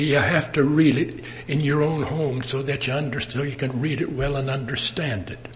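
A man preaching a sermon in an earnest manner, with emphatic rises and soft drops. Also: medium pitch, fairly even intonation, normal speed, few pauses. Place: assembly worship.

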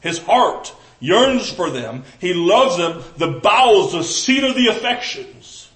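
A man preaching in a Southern US accent, with a voice pitched a little above most men's. He talks earnestly, restarting phrases, and moves between loud, emphatic lines and soft, close asides. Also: big pitch swings, slow, poor audio. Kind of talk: sermon.

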